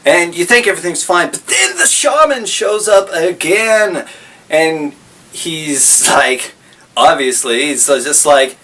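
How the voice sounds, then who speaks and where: A man's voice: fairly high pitch, takes it slowly, bright, forceful tone, distant mic. A man casually recapping a story, rambling and correcting himself as he goes.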